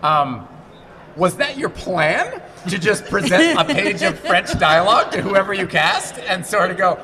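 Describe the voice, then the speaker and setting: A middle-aged man from Montreal, an actor being interviewed at a convention, who talks in casual animated stories, restarts his sentences and acts out the quotes. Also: high voice, a little slow, crowd noise. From Montreal, Canada. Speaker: actor guest. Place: convention hall.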